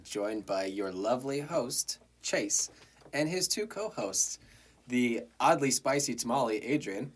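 A young man with a Colorado accent hosting a podcast, cracking crude jokes and bursting out loudly in casual banter. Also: medium pitch, expressive, unhurried, slightly rough. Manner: crude, joking, loud outbursts. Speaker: podcast host.

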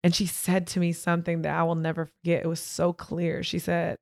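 A woman's voice: fairly low pitch, monotone, fairly quick, vocal fry, darkish tone, no echo, studio quality. A young woman hosting a podcast, frankly and emphatically telling a personal story straight to her listeners. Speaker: podcast host. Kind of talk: candid personal storytelling monologue.

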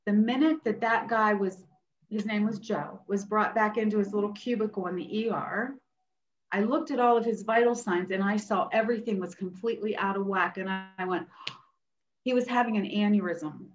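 Lively woman storyteller, roomy dull sound. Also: mid-range voice, moderate pace. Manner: animated, acts out what others said. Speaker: nurse practitioner guest. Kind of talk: personal storytelling in an interview.

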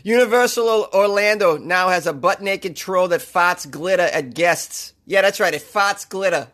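With a high-pitched, fairly bright voice at a normal speed, a Boston-accented man hosts a comedy podcast. His monologue is full of sarcastic riffing and rambling jokes.

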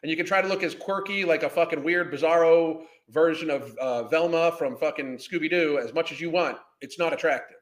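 High-voiced man ranting angrily with profanity. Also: brisk, hardly any pauses, roomy sound. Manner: angry, swearing, insulting. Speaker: commentary channel host. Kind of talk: profane reaction rant.

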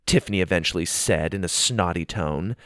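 A man narrating a children's story in an expressive, animated reading style. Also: sits low, brisk, no room sound, studio quality.

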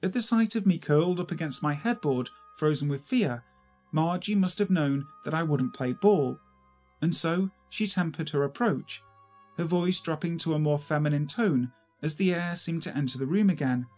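A man reading a horror story aloud in a steady, measured way. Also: fairly high pitch, soft background music. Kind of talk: scripted horror story narration.

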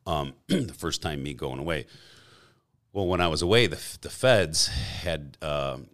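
A middle-aged man telling stories as a podcast guest in a casual, rambling way, often clearing his throat. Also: a bass voice, lively intonation, unhurried, a bit bright. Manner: rambling, frequent throat clearing, acts out quoted dialogue. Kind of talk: casual storytelling.

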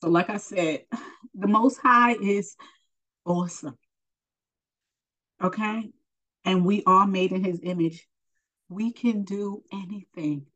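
A woman's voice: medium pitch, fairly bright tone, highs cut off. A woman preaching informally and earnestly, encouraging the listener and addressing them as honey, emotional and close to tears. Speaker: spiritual teacher.

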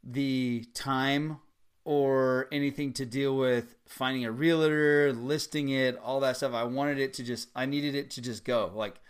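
A man's voice: mid-range voice, measured pace, clear, resonant tone. A man in sales telling a story in casual chat, acting out the other people's lines. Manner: animated storyteller, acts out dialogue. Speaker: salesman guest.

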